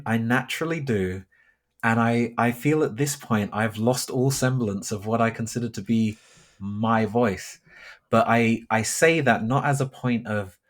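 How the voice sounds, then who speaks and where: A young man from London in a relaxed podcast conversation, his voice sitting at an average pitch. He talks with deliberate, carefully pronounced words, as a teacher used to being understood by everyone. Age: young adult. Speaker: podcast guest, geography teacher. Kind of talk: casual conversational interview.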